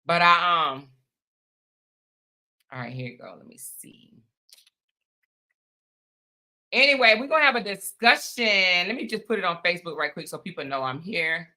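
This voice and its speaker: A livestream host with a lowish, sharp, very animated voice chats casually with her viewers at a moderate pace. She greets them by name and calls them y'all and honey.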